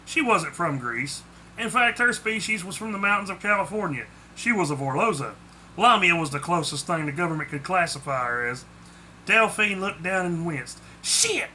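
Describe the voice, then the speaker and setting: A man's voice: high-pitched, lively intonation, normal speed, pushed and bright, a little hiss or hum, poor audio. A man reading aloud his own short story, with small slips. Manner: plainly spoken with small slips. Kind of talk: storybook narration.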